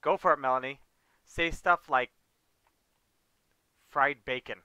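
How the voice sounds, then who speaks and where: A man's voice: mid-range voice, a little slow, sharp tone, clean tone, no room sound, dull audio. A man hosting a livestream, chatting casually as he plays a farming game and grumbling now and then. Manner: chatty, talks to chat and co-players, mild exasperated outbursts. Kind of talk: casual gameplay commentary.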